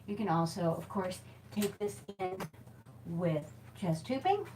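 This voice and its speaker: Over music, a woman with a fairly low, expressive voice and a measured pace teaches hula hoop exercises on camera. She's a hoop fitness instructor in a small temporary office space by a back door, chatty, giggly and self-deprecating with many fillers in this casual instructional video. The audio is poor, and her camera mic moves around while she hoops.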